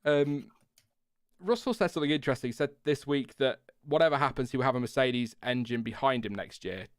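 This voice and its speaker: A young man chatting through a live stream, reading viewer comments aloud with easy asides. His voice is smooth and clear. The sound is close and dry. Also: medium pitch, brisk, no room sound. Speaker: podcast co-host. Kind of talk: casual live-stream chat.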